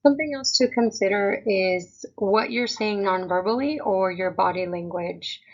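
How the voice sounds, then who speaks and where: A woman presenting a parent webinar for a school district, explaining things in a calm, measured way. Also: medium pitch, highs cut off.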